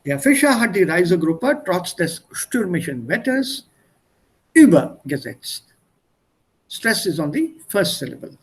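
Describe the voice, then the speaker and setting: Male language tutor on a video call, high voice, patient and repetitive in his explanations. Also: sing-song, moderate pace, hardly any pauses, a bit bright. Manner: patient, explains by repeating synonyms. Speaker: German tutor. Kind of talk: online one-on-one language lesson.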